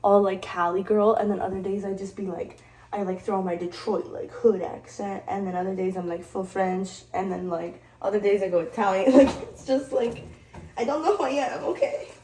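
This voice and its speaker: A woman's voice: medium pitch, steady tone, normal speed, warm tone. A young woman vlogging in casual chat to camera, rambling and jokey, mocking herself and swearing freely. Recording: roomy, distant, faint background noise.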